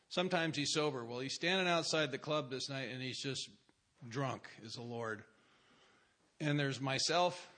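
A man's voice: mid-range voice, fairly bright tone. A man speaking at a recovery meeting, telling a personal story in a wry, self-mocking way.

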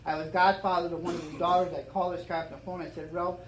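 A middle-aged man giving a personal testimony at a recovery meeting, earnest and repetitive, building to loud emphatic declarations. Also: a little high, flat delivery, fast talker. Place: meeting room. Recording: echoey room with faint background hum.

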